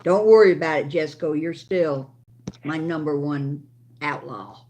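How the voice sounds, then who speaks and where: A woman's voice: sits low, unhurried, a little mellow, a little hiss or hum. An older woman hosting a casual livestream from home, chatting with viewers and talking to her dog as she cooks. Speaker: livestream host.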